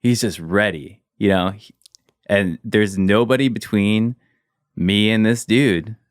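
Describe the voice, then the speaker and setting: A man's voice: on the low side, fairly even intonation, slow pace, smooth, dry recording, studio quality. A man, a guest in an interview, telling a personal story casually and leaning on "like" as he goes. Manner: casual, fills with "like", trails off quietly.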